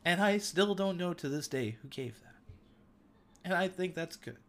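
A man's voice: high voice, lively intonation, moderate pace, a bit bright. A man in his thirties hosting a devotional talk, sharing an earnest, emotional testimony. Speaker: podcast host.

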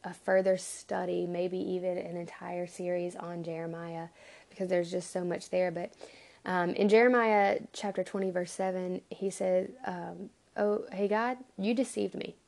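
A woman giving an earnest, halting Bible teaching, acting out pleading prayers to God. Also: fairly low pitch, flat delivery, vocal fry, darkish tone.

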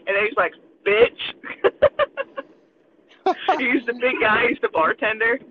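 A man's voice: very high voice, unhurried. A man rambling in casual crude chat with friends, swearing and laughing a lot. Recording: tinny phone-like sound, faint noise.

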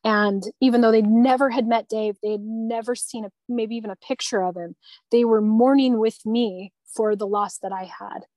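A middle-aged woman sharing a personal story in a podcast conversation, earnest and reflective, growing animated as she recalls events. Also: a little high, moderate pace, no room sound, rough recording. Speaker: guest.

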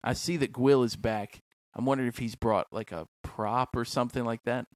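A man hosts a podcast in relaxed, playful conversation, leaning on fillers as he thinks aloud. His voice sits in a middle register. The mic is close and the room is dry. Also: medium pitch, normal speed, no echo. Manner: chatty, playful, many fillers like "like". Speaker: podcast host. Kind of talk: casual interview chat.

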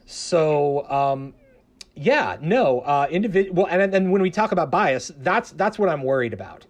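A man's voice: fairly high pitch, animated, measured pace. A man from the American South who works in public radio, talking through a question in a casual panel discussion with lots of fillers and restarts. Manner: hesitant, many restarts and fillers. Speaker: public radio journalist guest.

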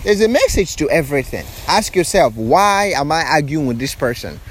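A man's voice: on the high side, very animated, normal speed. A man giving an earnest spiritual monologue outdoors on a beach, firing off repeated rhetorical questions. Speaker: spiritual speaker.

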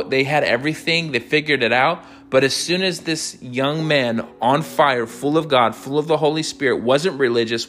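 A man leads a podcast Bible study with an emphatic, conversational delivery. His voice sits at an ordinary pitch for a man, and he keeps checking in with his listeners. Soft guitar plays faintly behind him. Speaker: podcast host teaching the Bible.

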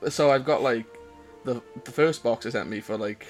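A Welsh man chatting casually on a podcast through a headset mic. His voice sits at an ordinary middle pitch, and he talks in loose, hesitant runs full of "um" and "like". Faint music plays behind him. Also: moderate pace. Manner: rambling, hesitant, many fillers. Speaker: podcast co-host.

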